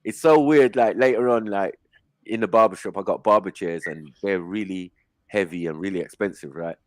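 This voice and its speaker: A man hosting a casual chat, telling stories in a lively, slangy way. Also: on the low side, normal speed, no echo. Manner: animated storytelling, slangy. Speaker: host.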